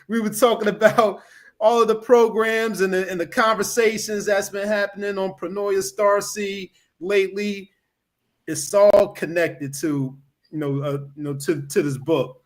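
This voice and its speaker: A man hosting a podcast, rambling and leaning on "you know" as he talks about a book. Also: sits high. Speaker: podcast host. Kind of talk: casual podcast chat.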